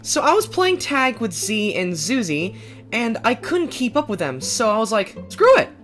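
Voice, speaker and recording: Woman, higher voice, very animated delivery, quick banter across many cartoon roles. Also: soft background music. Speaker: voice actor for an animated game series. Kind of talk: animated game-character dialogue.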